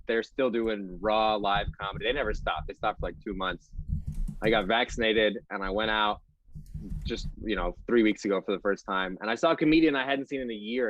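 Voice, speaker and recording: A man in his twenties doing a stand-up set with a deadpan, throwaway delivery. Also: on the low side, a little fast, lo-fi sound, a little hiss or hum. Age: 20s. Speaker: stand-up comedian.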